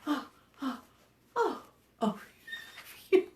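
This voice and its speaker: High, slow, playful woman children's librarian. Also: lo-fi sound. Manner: animated and playful, with gasps and sing-song rhymes for small children. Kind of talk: preschool storytime read-aloud and chant.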